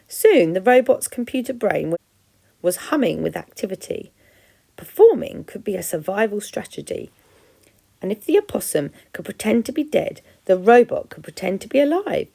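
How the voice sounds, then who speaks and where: A teacher from England reading a children's story aloud with expression. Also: female voice, mid-range voice, very animated, moderate pace, gravelly, warm tone.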